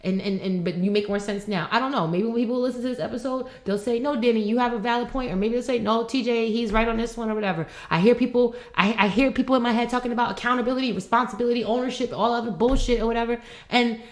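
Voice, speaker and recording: A woman's voice: fairly high pitch, quick pace, hardly any pauses. A young adult woman co-hosting a podcast, talking in a heated, rambling way with lots of swearing and restarts. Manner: frustrated, rambling, swears often. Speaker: podcast co-host. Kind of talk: heated casual conversation.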